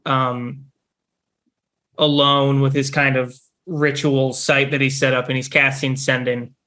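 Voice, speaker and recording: A man player describing his character's actions in a tabletop game, slow and searching. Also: medium pitch, flat delivery, sharp tone.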